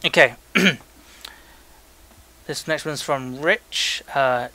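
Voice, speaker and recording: A man's voice: medium pitch, drawn-out words, bright, forceful tone. A young man co-hosting a casual podcast, reading listener emails aloud in a joking, loose way with frequent stumbles. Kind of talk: casual chat.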